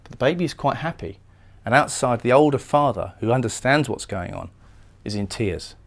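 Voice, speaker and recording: A man's voice: mid-range voice, lively intonation, moderate pace. A man giving a recorded poetry lecture, explaining lines of a poem and often repeating words as he goes. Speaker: literature lecturer.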